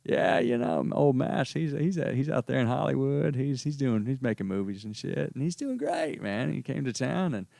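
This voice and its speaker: A man's voice: mid-range voice, animated, normal speed, vocal fry, few pauses, dark tone, no echo, studio quality, pitched above the performer's own voice. A man doing a drawling laid-back movie star. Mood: easygoing. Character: laid-back drawling famous actor, smooth charmer.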